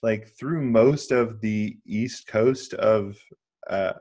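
A man's voice: fairly low pitch, slow pace, darkish tone, breathy edge. A man hosting a casual podcast chat, recapping a film with frequent laughs and restarts. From lived in Western North Carolina. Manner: laughs often, rambling with restarts.

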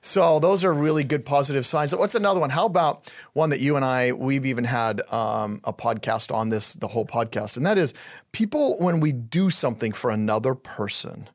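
A man's voice: mid-range voice, moderate pace. A man co-hosting a podcast who explains ideas in casual conversation and often answers his co-host with short "yeah"s. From Colorado, USA. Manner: explanatory, affirming with frequent "yeah".

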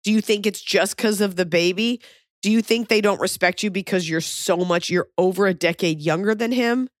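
A woman's voice: medium pitch, no room sound, clean studio sound. Blunt, swearing woman podcast host. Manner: blunt, swears freely, riffs and asks rapid questions. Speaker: podcast host giving advice. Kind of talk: casual advice podcast chat.

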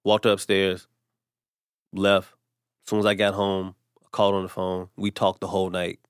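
A man's voice: low-pitched, level tone, normal speed, clear, resonant tone, no echo, studio quality. A comedian telling a personal story in casual conversation, acting out the people he quotes. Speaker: comedian guest.

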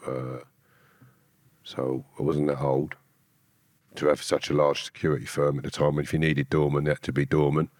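Deep-voiced blunt man. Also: level tone, moderate pace, pauses often, darkish tone, dry recording, studio quality. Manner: blunt, streetwise, swears. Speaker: guest who committed a kidnapping. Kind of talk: candid storytelling.

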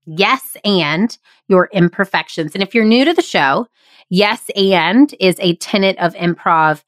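A woman's voice: mid-range voice, lively intonation, measured pace, dry recording. A woman hosting her own podcast, giving an upbeat, emphatic motivational talk into a microphone in a small closet. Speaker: podcast host and improv workshop leader. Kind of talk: solo podcast monologue. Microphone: studio podcast microphone.

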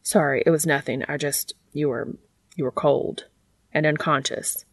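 A woman reading aloud, voicing an anxious young man who speaks quietly and in a hurry. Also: low voice, fairly even intonation, normal speed, dry recording. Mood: flustered. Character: anxious young man caring for his friend.

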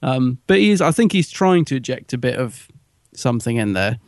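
A man's voice: medium pitch, very animated, moderate pace, no echo, studio quality. A man co-hosting a podcast, chatting casually in a wry, joking way. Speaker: podcast co-host. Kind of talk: casual review chat.

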